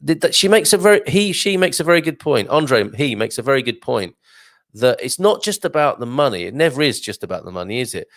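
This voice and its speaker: A man's voice: medium pitch, very animated, a little fast, fairly bright tone, no echo, studio quality. A man hosting a casual live stream, chatting and reading out viewer comments with lots of fillers and asides. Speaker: live show host.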